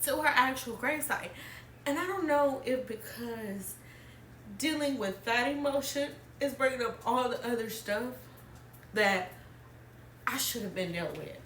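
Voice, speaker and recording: An Alabama podcast host speaks candidly in an emotional personal conversation, shifting between crying and laughing. Her voice is a little high and a bit bright, with lively intonation and an unhurried pace, captured by a distant mic in an echoey room with slight background noise.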